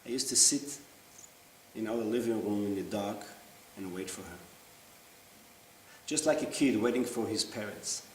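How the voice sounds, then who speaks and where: A man performing a theatrical monologue in an intense, halting, confessional way. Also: fairly low pitch. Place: theater stage. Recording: roomy stage sound from far off, faint hiss.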